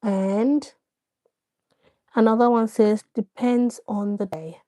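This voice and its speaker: A woman's voice: a little high, steady tone, slow, mellow. A woman hosting a casual live stream, addressing her viewers directly, coaxing them to respond and often repeating herself.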